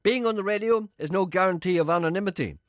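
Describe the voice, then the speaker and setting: A man's voice: high voice, quick pace, no echo. A man with a Northern Irish accent, presenting a radio show in casual, bantering chat. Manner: animated, bantering.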